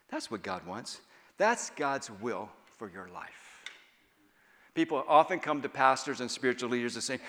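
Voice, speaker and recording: Animated preacher man in a reverberant hall. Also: medium pitch, unhurried. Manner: animated, swings from loud to hushed. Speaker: guest speaker. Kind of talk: sermon. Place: church hall at a conference. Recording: long reverb of a large hall.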